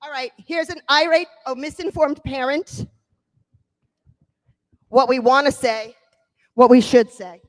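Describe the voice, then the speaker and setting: A woman's voice: sits high, unhurried, long pauses, in a large hall. A woman presenting a live workshop, energetically coaching participants through role-play. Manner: energetic, encouraging, coaxing.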